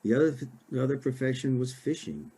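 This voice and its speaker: An older man from Oregon, an author giving a casual library talk, halting with many fillers and restarts. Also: medium pitch, dark tone, slightly rough.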